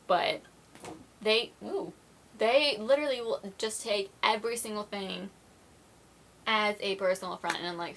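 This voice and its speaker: A woman's voice: mid-range voice, measured pace, vocal fry, pauses often, fairly bright tone, slight background noise. A woman vlogger chatting casually to camera, full of "like" fillers and apologies, acting out little quoted exchanges. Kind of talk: casual vlog chat to camera.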